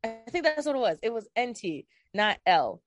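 A woman's voice: fairly high pitch, moderate pace, dry recording. Chatty young woman, dry sound. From Virginia, USA. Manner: animated and rambling, laughs often. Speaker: guest. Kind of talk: casual chat.

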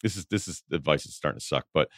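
Deep-voiced blunt rambling man. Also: lively intonation, fast talker, a bit bright, dry recording, clean studio sound. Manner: rambling, blunt, swears freely. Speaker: podcast host. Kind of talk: casual advice talk.

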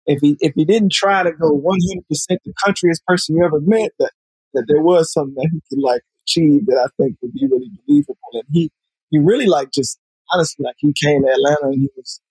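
Husky-voiced Southern man, casual guest. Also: a little high, fast, darkish tone, no echo, poor audio. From Alabama, US. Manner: loose and conversational, lots of "you know" fillers. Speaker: film director guest. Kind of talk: casual podcast conversation.

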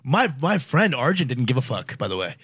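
A young man telling crude stories in casual podcast banter, animated and putting on voices as he goes. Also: medium pitch, brisk, breathy edge, no echo, studio quality. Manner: animated storytelling with put-on voices and laughs. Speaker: podcast co-host.

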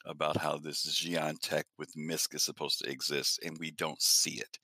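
A man co-hosting a casual gaming podcast, speaking in a measured, thoughtful way. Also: extremely low pitch, level tone, sharp tone, slightly rough, no echo. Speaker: podcast co-host.

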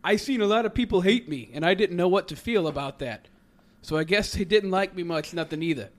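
A man voicing a weary male boxer after a fight, in a loud, thick, halting street drawl. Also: high-pitched, pitched above the performer's own voice, natural voice. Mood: earnest.

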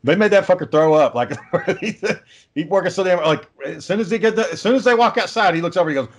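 A man's voice: high voice, expressive, fast. A man hosting a podcast in casual chat, telling stories with swearing and laughter.

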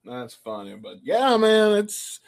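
Dude cohosting a podcast, teasing and joking around, mid-pitched voice. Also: male voice, very animated, takes it slowly, gravelly. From United States. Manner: jokey, teasing, playful. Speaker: podcast co-host. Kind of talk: casual chat.

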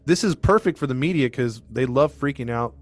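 Male host, mid-pitched, loose conversational storyteller who rambles through a case. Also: lively intonation, a little fast. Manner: rambling, filler-heavy, restarts often. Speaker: podcast host telling a true-crime story. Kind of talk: casual storytelling to co-hosts.

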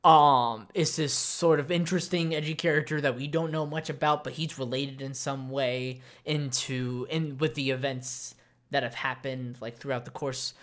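A man's voice: mid-range voice, steady tone, moderate pace, a bit bright. A man co-hosting a podcast, chatting casually about an anime with many fillers and restarts. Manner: rambling, frequent fillers and restarts. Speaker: podcast co-host.

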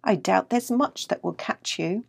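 A woman voicing a gentle, timid young male house cat in a read-aloud storybook. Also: mid-range voice, a little slow, gravelly, breathy edge, no echo, exaggerated voice.

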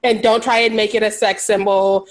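A woman co-hosting a podcast, recapping a movie in casual chat with sarcastic, animated jokes and frequent laughter. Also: medium pitch, normal speed. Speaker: podcast co-host.

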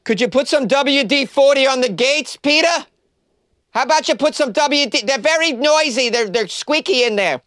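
A man doing a cartoonish impression of a gatekeeper saint's nagging wife, in a shrill, high, complaining voice. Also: moderate pace, a bit bright, dry recording, studio quality. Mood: annoyed.

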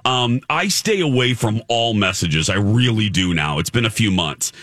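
A male talk host chatting casually and telling stories, acting out quotes with a lively, swinging voice. His tone is bright and forward, recorded close and dry. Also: fairly low pitch, normal speed, no room sound. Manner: animated storyteller, acts out quotes. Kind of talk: casual chat.

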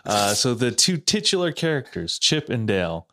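A man's voice: medium pitch, sing-song, normal speed, sharp tone, dry recording. A man co-hosting a podcast in casual chat, laid-back and a little hesitant, laughing often. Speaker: podcast co-host.

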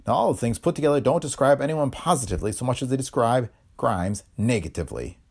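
A man voicing a calm, smug male private detective who explains blandly. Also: mid-range voice, fast, creaky, husky, pitched above the performer's own voice.

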